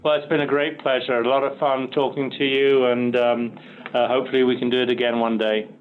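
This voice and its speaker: A man with a British accent, a podcast guest, speaking in a measured way with many ums. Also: medium pitch, little pitch movement. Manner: measured, with frequent ums and uhs. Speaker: podcast guest, energy industry researcher. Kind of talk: casual interview. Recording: tinny phone-like line.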